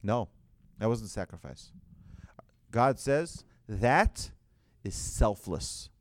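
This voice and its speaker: A man's voice: lowish voice, expressive, drawn-out words. A man, a rabbi, telling a story in a sermon, acting out the voices and often restarting his phrases.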